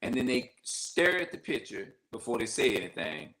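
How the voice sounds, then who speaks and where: A man's voice: big pitch swings, moderate pace, hardly any pauses, low-quality recording. A man talking casually to camera, repeating himself and often checking that the listener follows. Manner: repetitive, conversational, often asks "you see what I'm saying"; acts out quoted voices with sharp jumps in pitch. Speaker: vlogger.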